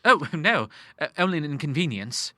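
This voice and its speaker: A man's voice: on the high side, very animated, moderate pace, bright, forceful tone, no echo, studio quality. A man voicing a hesitant, apologetic young man in an audiobook. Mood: uneasy. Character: earnest young man, hesitant junior partner. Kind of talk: audiobook character voice.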